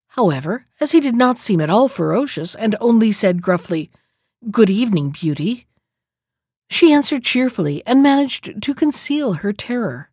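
A woman reading a fairy tale aloud in a calm, measured storybook manner. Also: fairly high pitch, no echo, clean studio sound.

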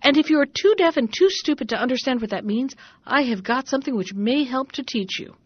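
A woman's voice: high-pitched, expressive, fairly quick, husky, dry recording, pitched above the performer's own voice. A woman voicing a grumbling, scheming middle-aged man in a raised, blustering, demanding storybook voice, in a dull lo-fi recording.

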